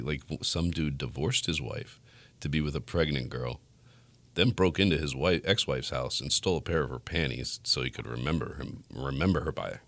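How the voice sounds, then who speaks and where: A podcast host with a very deep, gravelly voice and a fairly bright tone chats casually. He tells stories bluntly, swearing a lot and laughing often.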